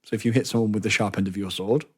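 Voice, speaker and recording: Animated man telling stories. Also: lowish voice, rapid-fire, breathy edge. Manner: animated, swears freely, acts out quotes. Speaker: podcast co-host. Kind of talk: casual storytelling chat.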